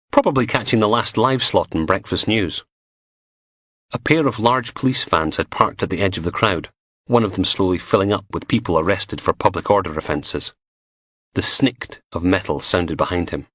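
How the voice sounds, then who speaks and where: A man narrating a crime audiobook in an expressive, vivid storytelling manner. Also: low-pitched, no room sound, clean studio sound.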